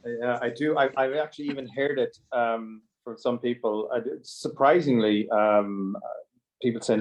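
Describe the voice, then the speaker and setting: A man's voice: medium pitch, fairly even intonation, normal speed. Hesitant man hosting an online talk. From Ireland. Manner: hesitant, many restarts. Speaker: host. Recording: dull lo-fi audio.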